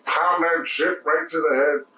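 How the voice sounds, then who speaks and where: A man's voice: fairly high pitch, fairly even intonation, unhurried, bright, forceful tone, echoey room, recorded from a distance. A man co-hosting a podcast, laid-back and slangy, swearing casually in casual chat. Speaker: podcast co-host.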